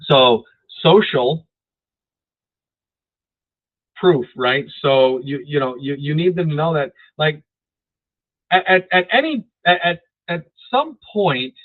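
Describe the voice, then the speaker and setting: A man's voice: on the high side, lively intonation, takes it slowly, long pauses. Man giving a sales training over phone-like audio. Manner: casual, repeats words, asks "right?". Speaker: real estate sales trainer. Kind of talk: training talk.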